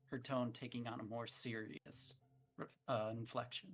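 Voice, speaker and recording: A woman running a tabletop game as dungeon master, narrating in a relaxed way with small hesitations. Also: extremely low pitch, a little slow.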